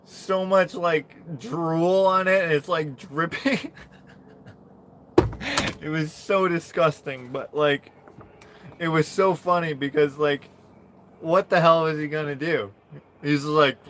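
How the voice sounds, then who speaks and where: Casual male streamer, slow and unhurried, bright tone, laughs through his stories, faint room hum behind. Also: a little high, steady tone. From Canada. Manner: rambling, keeps laughing mid-story. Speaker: livestream host. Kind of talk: casual storytelling on a livestream.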